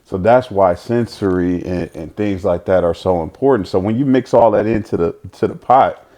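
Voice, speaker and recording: Low-pitched and mellow, this man speaks at a moderate pace as a guest in a candid interview. He is the father of an autistic son, and he reflects earnestly, often restarting and using fillers.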